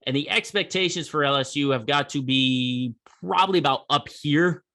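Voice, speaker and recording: A man talks through the week's sports alone on his own podcast, at a normal speed. His voice is bright and forceful, slightly higher than most men's. Loose and conversational, he breaks into emphatic bursts to land his points.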